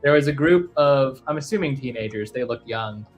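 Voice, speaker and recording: A man's voice: mid-range voice, lively intonation, normal speed, faint music behind. Chatty man telling a story. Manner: chatty, self-deprecating storytelling. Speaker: livestream co-host. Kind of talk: casual livestream chat.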